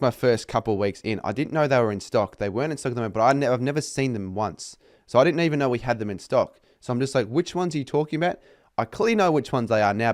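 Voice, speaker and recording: A man's voice: medium pitch, dry recording, clean studio sound. A young man with an Australian accent ranting casually to camera about his retail job, swearing often and exasperated. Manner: sweary, exasperated, mocking customers in put-on voices. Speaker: vlogger.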